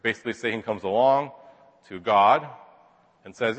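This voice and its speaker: A man's voice: lowish voice, a little fast, long pauses, a bit bright, in a large hall. A man teaching a Bible lesson in a casual, chatty way, full of asides and rhetorical questions.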